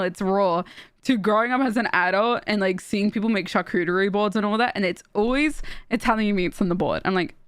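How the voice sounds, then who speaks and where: A young woman from Australia, chatting casually on a stream and telling stories in an animated way, with restarts and laughs. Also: medium pitch, no echo, studio quality. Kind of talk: casual chat while streaming.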